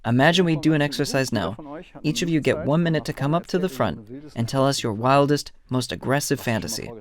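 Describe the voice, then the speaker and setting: A man's voice: mid-range voice, fairly quick, crowd noise. German-accented man lecturing on the psyche. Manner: storytelling, acts out dialogues. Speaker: therapist and lecturer. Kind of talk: lecture to an audience.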